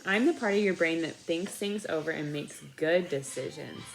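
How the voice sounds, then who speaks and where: A woman reading aloud and voicing a calm, kindly grown woman who speaks slowly and soothingly. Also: deep voice, vocal fry, faint music behind, low-quality recording. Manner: slow, soothing, measured. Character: calm kindly woman, the thinking part of the brain.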